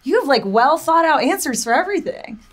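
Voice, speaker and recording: A woman's voice: high voice, animated, a little fast. A woman entertainment correspondent asking questions in an upbeat, enthusiastic way at an interview. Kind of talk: press junket interview.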